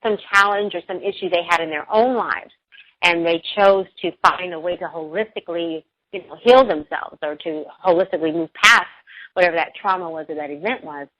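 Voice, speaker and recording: A woman's voice: on the low side, brisk, a bit bright, no echo, lo-fi sound. A middle-aged woman, a radio show guest, telling a personal story in an earnest, emotional way.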